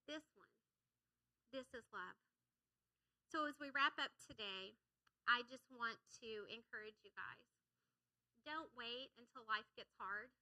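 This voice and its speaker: A woman's voice: on the high side, pushed and bright, rough recording. A woman giving a sermon in a church, energetically coaxing the congregation to call back and repeat lines. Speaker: church speaker. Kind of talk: sermon with audience call-and-response. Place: church sanctuary.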